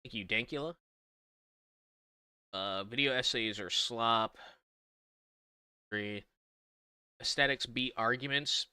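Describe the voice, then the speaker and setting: Streamer guy with a really bright crisp voice, blunt quick reactions, dry mic. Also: mid-range voice, dry recording. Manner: blunt, offhand reactions, swears. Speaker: streamer host. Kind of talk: casual stream chat.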